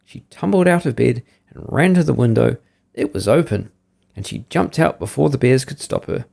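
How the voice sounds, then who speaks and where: A man hosting a podcast, reading a bedtime story aloud in a lively, sing-song way. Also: medium pitch, moderate pace, gravelly.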